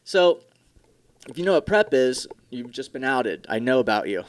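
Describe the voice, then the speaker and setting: A man's voice: mid-range voice, sing-song, moderate pace, a little hiss or hum. A tired young man hosting a casual solo podcast, ranting in a profane, sarcastic, rambling way. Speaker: podcast host.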